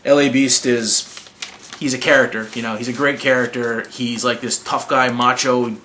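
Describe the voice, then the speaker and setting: A man's voice: mid-range voice, level tone, normal speed, bright, forceful tone, a little hiss or hum. A man hosting a hot sauce video channel, talking casually to camera in a rambling, enthusiastic way and often correcting himself.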